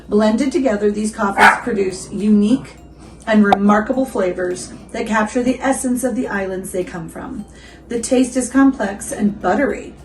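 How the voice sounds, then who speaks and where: Casual, giggly woman host chatting through a coffee review at home, with soft music under her voice. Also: medium pitch, rough recording. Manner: chatty and giggly, quizzes viewers, asides to her dog.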